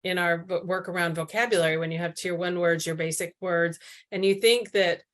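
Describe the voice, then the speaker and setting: A woman's voice: on the low side, steady tone, fairly quick, fairly bright tone. A woman co-presenting a teacher training, speaking casually with many fillers.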